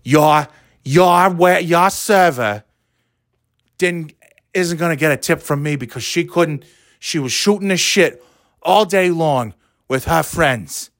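A man's voice: a little high, slow pace, gravelly, fairly bright tone, no echo, studio quality, pitched above the performer's own voice, exaggerated voice. A man mocking a whiny entitled New England customer. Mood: petulant. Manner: petulant complaining.

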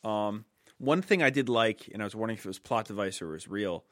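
A man's voice: lowish voice, lively intonation, fairly quick, fairly bright tone, no echo, clean studio sound. A man chatting casually on a podcast, enthusiastic and loose, full of fillers. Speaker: podcast co-host.

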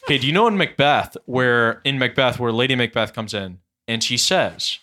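A young man with a Southern American accent, chatting casually and telling animated, laughing stories. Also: medium pitch, moderate pace. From Southern United States. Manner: animated storyteller, laughs often. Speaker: podcast guest. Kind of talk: casual chat.

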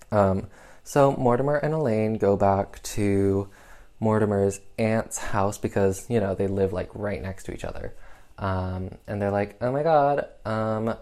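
A man's voice: lowish voice, a little mellow. Chatty guy rambling through a movie recap, tons of ums, a bit sarcastic. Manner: playfully sarcastic asides. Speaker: podcast host reviewing a film. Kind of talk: casual film recap.

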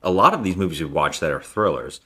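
A man's voice: low voice, sing-song, fast, pushed and bright, slightly rough. A man co-hosting a casual film review podcast, acting out scenes in funny voices as he retells them. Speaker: podcast co-host.

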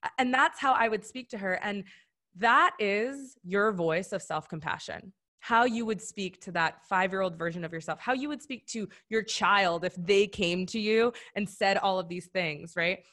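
A woman leads a live workshop over a video call, her voice mid-pitched and easy. She talks in a friendly, encouraging way and keeps checking in with her listeners. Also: normal speed. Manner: warm, encouraging, conversational with many "right?" tags. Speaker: workshop facilitator.

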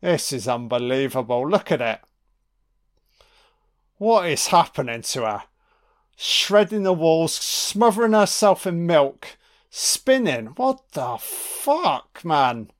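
A man gives a casual, unhurried film commentary, reacting with excited swearing. His voice sits slightly high and he drawls his lines. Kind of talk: casual watch-along commentary.

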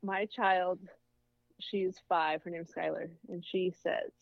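Low-pitched woman, thoughtful coach. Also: fairly even intonation, slow, creaky, no room sound, highs cut off. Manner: thoughtful, conversational. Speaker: soccer coach, guest. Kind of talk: casual interview chat.

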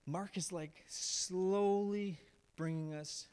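A man, a pastor, preaching a sermon. He tells the story with feeling, raising his voice on some lines and dropping low and quiet on others. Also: slow, clear, resonant tone. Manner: animated storyteller, swings from raised emphatic lines to low hushed ones.

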